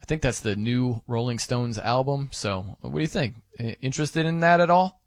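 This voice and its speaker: A man's voice: medium pitch, moderate pace, dry recording. A man hosting sports radio, bantering casually and rambling with joking asides, fillers and restarts, on a studio microphone. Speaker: radio host.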